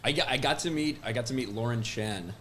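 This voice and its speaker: A male co-host in a casual livestream panel, easygoing and quick to laugh. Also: mid-range voice, a loud crowd.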